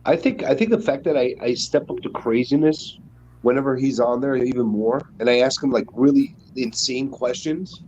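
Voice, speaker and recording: A man's voice: medium pitch, normal speed, a little mellow, lo-fi sound, slight background noise. A man joking around in a casual group chat. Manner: joking, playful.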